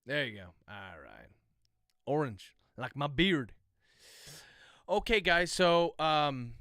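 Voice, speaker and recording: Bright, crisp-voiced man dictating a novel. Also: on the high side, dry recording, studio quality. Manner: speaks punctuation marks aloud while dictating; loose, chatty asides to viewers between passages. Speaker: author.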